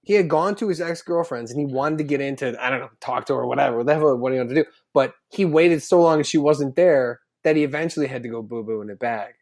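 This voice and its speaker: A man telling a crude, joking story in casual chat, shouting the punchlines. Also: mid-range voice, quick pace, few pauses.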